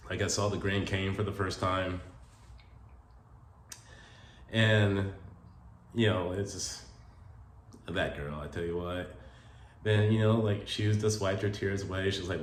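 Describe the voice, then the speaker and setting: A man with a very low voice tells a personal story in a loose, rambling way, full of fillers and feeling. His voice sounds roomy, with faint ambient noise behind him. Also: fairly even intonation, a little slow. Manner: rambling, many "like" fillers, emotional. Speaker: vlogger telling stories about his late partner.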